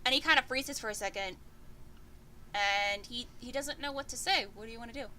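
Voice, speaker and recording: A woman running a tabletop game, narrating in a casual, joking way. Her voice is high and bright. Faint background hiss comes through. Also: a little fast, rough recording. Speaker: game master.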